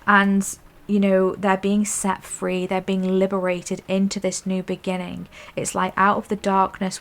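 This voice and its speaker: Flat-voiced woman giving a tarot reading. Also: mid-range voice, normal speed, gravelly. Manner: soft, affirming, repeats "okay?" and "I'm hearing". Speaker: intuitive tarot reader. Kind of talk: pick-a-card tarot reading.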